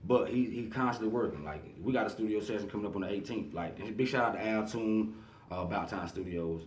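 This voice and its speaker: A fast-talking man with a fairly low voice. He talks in a relaxed, rambling way and fills his sentences with "you know what I mean." The room is echoey and he sits some way back from the mic. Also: far from the mic. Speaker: artist manager, guest. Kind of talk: casual interview talk.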